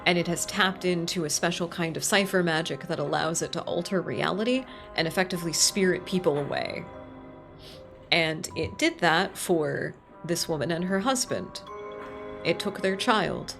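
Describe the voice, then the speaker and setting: A woman's voice: fairly low pitch, vocal fry, a bit bright. A woman streaming a game, chatting casually and reading the text aloud with emotional asides.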